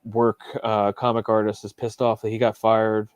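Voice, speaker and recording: A man guests on a livestream interview over a remote setup. He talks about his comics in a laid-back, rambling way. His voice sits on the low side, and the sound is dry. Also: completely flat delivery, normal speed, clean tone, dry recording. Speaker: comic book writer guest.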